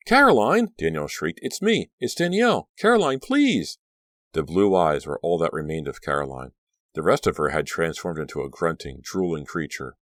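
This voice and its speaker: Super deep male narrator, steady and measured, reading a horror book, very dry close mic. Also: no echo. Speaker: audiobook narrator. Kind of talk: scripted narration.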